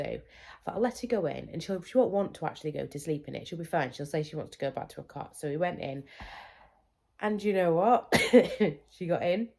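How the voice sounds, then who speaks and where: A woman's voice: sits low, creaky, dark tone, husky. A woman in her thirties chatting candidly to camera about her children's sleep, often acting out what they said. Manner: chatty, candid, acts out her kids' voices. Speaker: parenting vlogger. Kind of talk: casual chat to camera.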